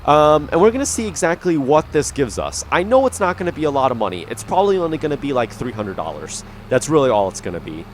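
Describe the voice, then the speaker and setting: A man's voice: fairly high pitch, very animated, fast, few pauses, a little hiss or hum. A man giving rambling, easygoing commentary while playing a farming video game, with frequent ums and the hiccups. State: has the hiccups. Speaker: gaming YouTuber. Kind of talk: casual gameplay commentary.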